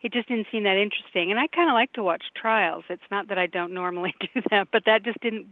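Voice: mid-range voice, quick pace, dry recording. A guest columnist talking on a radio show, thoughtful and hedging, with many fillers. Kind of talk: casual radio conversation. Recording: tinny phone line.

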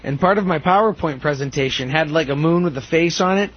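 Husky, high-voiced young man. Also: fairly quick. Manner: rambling, laughs often. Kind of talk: casual podcast chat. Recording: dull lo-fi recording.

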